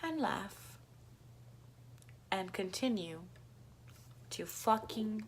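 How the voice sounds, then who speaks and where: A woman's voice: mid-range voice, expressive, drawn-out words, a little hiss or hum. Young woman, casual storytime vlogger; chatty, lots of swearing, acts out other people's lines. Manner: chatty, swears a lot, acts out voices in quotes.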